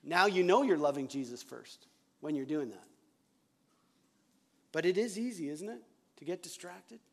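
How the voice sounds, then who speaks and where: A man's voice: a little high, expressive, moderate pace, creaky. A male pastor giving a sermon in an emphatic, repetitive way, often chuckling.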